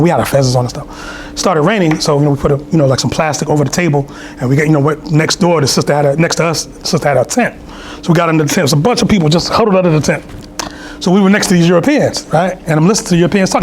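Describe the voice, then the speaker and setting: High-voiced man giving a sermon. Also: darkish tone, a little hiss or hum. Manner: loose, storytelling, many fillers and asides. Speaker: speaker at a temple meeting. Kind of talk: conversational sermon. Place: temple hall.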